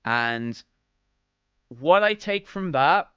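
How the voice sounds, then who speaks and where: Man, host, casual storytelling to chat, very lively pitch, smooth clear voice, dry sound. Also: drawn-out words, no echo, muffled recording. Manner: animated, laughing, mimics others in quotes. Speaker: streamer host.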